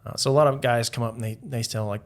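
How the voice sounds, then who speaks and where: A man's voice: mid-range voice, fairly even intonation, quick pace. A man, a podcast guest, casually telling rambling stories, full of "like" and restarts. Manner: rambling, heavy use of "like". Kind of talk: casual storytelling.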